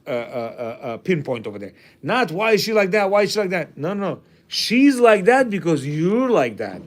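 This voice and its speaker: A man teaches a class of men in an informal, emphatic way. He throws out rhetorical questions and acts out the voices he quotes. His voice sits high and moves through a very wide, lively range. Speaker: rabbi teaching a men's class. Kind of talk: informal religious class talk.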